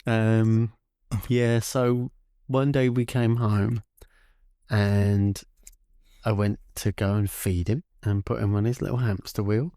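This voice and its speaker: A man, co-hosting a podcast and telling a childhood story in an animated, chatty way. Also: slow, clear, resonant tone, dry recording, studio quality. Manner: animated, acts out voices with big pitch jumps. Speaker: podcast co-host. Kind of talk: casual storytelling chat.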